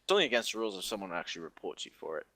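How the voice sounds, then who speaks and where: A man's voice: deep voice, rapid-fire, sharp tone, no echo. A young man co-hosting a casual podcast chat, rambling and laughing often as he blurts out whatever comes to mind. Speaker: podcast co-host.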